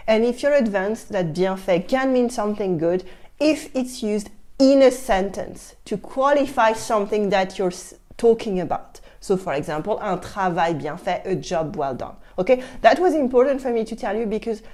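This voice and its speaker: A woman with a French accent, a native French speaker, teaching an online French lesson in an emphatic, lively way. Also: medium pitch. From France.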